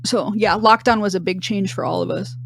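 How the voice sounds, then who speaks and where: A woman co-hosting a podcast in a relaxed, casual chat, laughing easily. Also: medium pitch, brisk. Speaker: podcast co-host.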